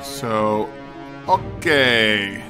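A man's voice: lowish voice, animated, very slow. A man streaming a mystery game, thinking aloud and muttering to himself as he works out clues. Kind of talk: let's play commentary. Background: game music.

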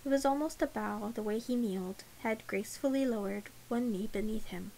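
A woman reading an audiobook in a measured, unhurried way. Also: fairly high pitch, creaky, mellow, a little hiss or hum, rough recording. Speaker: audiobook narrator. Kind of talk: audiobook narration.

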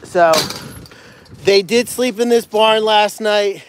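A man with a notably high voice chats casually on a live stream from inside a barn, gushing about the animals. He drifts into soft, cooing baby talk when he speaks to them, with a faint hiss in the background. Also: slow. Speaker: animal sanctuary livestream host.

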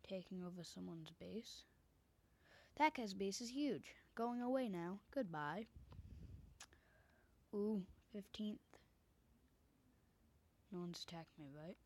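A woman's voice: mid-range voice, expressive, takes it slowly, pauses often. A woman commenting on a game she plays from her bedroom, often dropping into a whisper, into a desk microphone. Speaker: gamer. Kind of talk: casual gameplay commentary.

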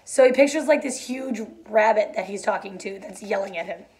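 A woman's voice: mid-range voice, a little fast, darkish tone. A woman reading a novel aloud and explaining it casually, with many fillers.

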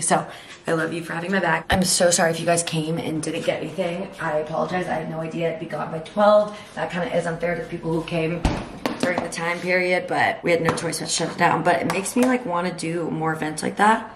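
A young woman, telling a story to camera in a rapid, chatty way full of "like.". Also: on the low side, steady tone. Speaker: vlogger. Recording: roomy echo, faint background noise.

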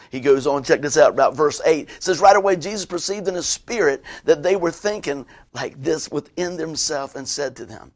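A man preaches in a lively, conversational way. His voice sits a little higher than most men's. He keeps turning to his listeners with asides as he works through the passage. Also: brisk, few pauses. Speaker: pastor. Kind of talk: sermon.

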